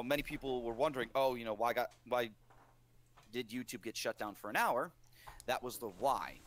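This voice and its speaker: A man co-hosting a casual podcast, animated and opinionated, fond of rhetorical questions. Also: medium pitch.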